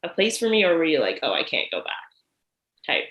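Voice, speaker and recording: A woman's voice: low voice, very animated, a little fast, echoey room, lo-fi sound. A woman hosting a podcast interview, chatty and upbeat, with a lot of "like" and "you know". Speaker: podcast host. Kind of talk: casual interview.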